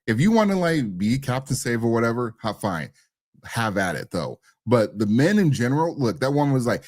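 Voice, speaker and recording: A man co-hosting a podcast, reacting to a viral clip in animated, emphatic casual commentary. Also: medium pitch, brisk, dry recording, clean studio sound. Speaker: podcast co-host.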